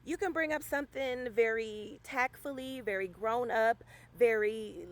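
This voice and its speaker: A woman's voice: fairly high pitch, measured pace. A woman giving a casual vlog monologue as a relationship vlogger, blunt and profane, talking straight to her viewers and joking about her own slips. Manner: loose and joking, laughing at her own mistakes.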